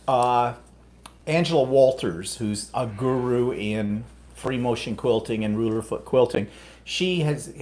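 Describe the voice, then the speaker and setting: A man co-hosting a casual live chat show, talking in a rambling, teasing, chatty way. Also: mid-range voice. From United States. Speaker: co-host.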